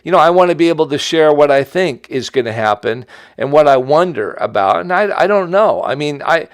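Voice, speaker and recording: A man's voice: on the high side, expressive, fairly quick, dry recording. A middle-aged man from the United States hosts an investment update, talking in a rambling, casual monologue full of restarts and asides. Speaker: host giving an investment update.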